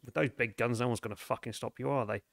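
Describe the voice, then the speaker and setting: A man puts on a surly, foul-mouthed bar dancer in a tabletop game, speaking in a pitched-up, gravelly voice. The dancer grumbles and dodges every question. The sound is dry and close. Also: fairly even intonation, quick pace, a bit bright, no room sound. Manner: swears constantly, grumbling and cagey.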